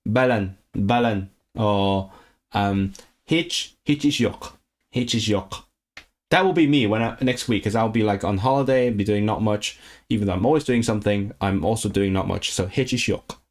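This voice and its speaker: A Hong Kong man with a lowish voice speaks at a normal speed. He is livestreaming for his chat while learning a language, sounding out words, repeating them, and correcting himself aloud.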